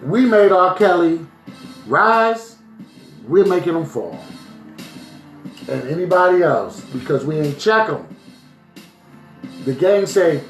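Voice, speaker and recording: Emphatic man from New Jersey preaching on a phone stream; raised pitch, roomy echo, soft music underneath. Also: expressive, slow pace, pauses often. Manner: preachy, emphatic, keeps asking "right?". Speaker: vlogger. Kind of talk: live-streamed commentary. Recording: echoey room with faint music.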